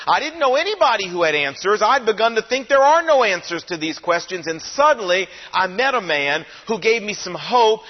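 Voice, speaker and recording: An older man preaching a sermon, telling his own story in a conversational, animated way. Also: high voice, moderate pace, few pauses. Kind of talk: sermon testimony. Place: large church auditorium. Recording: long hall reverb, dull lo-fi sound.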